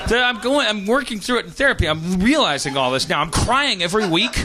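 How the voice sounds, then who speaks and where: A man's voice: high voice, animated, fast, hardly any pauses, pushed and bright. Rambling, profane man hosting a podcast. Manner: rambling, profane, self-mocking. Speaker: podcast host. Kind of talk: live podcast banter on stage.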